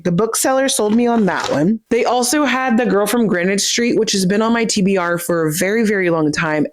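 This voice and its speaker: A woman with a somewhat low voice chats casually to camera about her books. She is animated and quick to poke fun at herself. The sound is close and dry, with no room echo. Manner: chatty, animated, self-deprecating. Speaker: book vlogger. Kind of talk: casual book haul chat.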